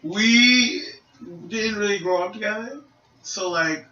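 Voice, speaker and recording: A young man co-hosting a casual gaming podcast, telling stories with lots of acted-out voices and shouts. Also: sits high, slow, muffled recording. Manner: animated storyteller, acts out voices and shouts. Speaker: podcast co-host. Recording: echoey room, mic at a distance.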